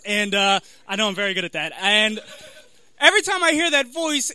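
A young man performing stand-up, talking in halting bursts full of fillers and self-deprecating asides. His voice sits very high for a man and is bright and sharp, with a lively swing in pitch. The sound is dry and close. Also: clear, resonant tone, no room sound. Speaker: stand-up comic. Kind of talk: stand-up comedy.

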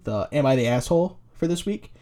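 A man's voice: mid-range voice, lively intonation, fairly quick, warm tone. A man co-hosting a podcast, chatting casually and telling loose, profane stories into a podcast mic. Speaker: podcast co-host. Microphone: podcast microphone.

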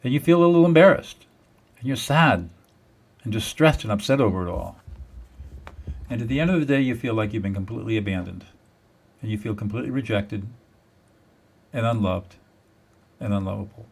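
A man's voice: on the low side, animated, brisk, gravelly, pauses often, husky. A man speaking as a guest in an interview, explaining a method step by step in an emphatic, repetitive teaching manner. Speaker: guest, mediator.

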